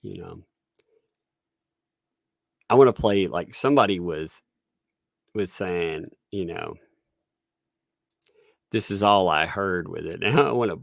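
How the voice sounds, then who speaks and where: A man's voice: low-pitched, slow pace, gravelly, pauses often, no echo, studio quality. A man hosting a casual livestream, rambling and laughing often. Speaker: livestream host.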